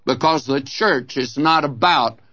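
A man's voice: medium pitch, unhurried, sharp tone, husky, no echo. A man teaching the Bible in a folksy, earnest preaching manner, speaking to his listeners as "my friend". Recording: dull, lo-fi dry radio recording.

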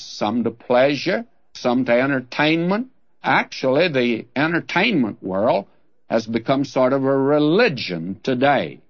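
A man's voice: medium pitch, lo-fi sound. A man teaching through a Bible passage in an earnest, conversational preaching manner, speaking straight to the listener.

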